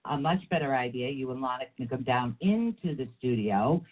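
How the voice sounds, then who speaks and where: A man's voice: medium pitch, lively intonation, moderate pace. A man co-hosting a show in casual banter, joking and laughing often. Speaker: co-host. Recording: tinny phone-like sound.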